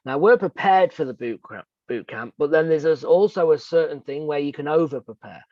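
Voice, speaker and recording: A man's voice: fairly high pitch, animated, a little fast, dry recording, muffled recording. A man co-hosting a coaching talk, explaining earnestly with examples and rhetorical questions. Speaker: real estate coach and co-host.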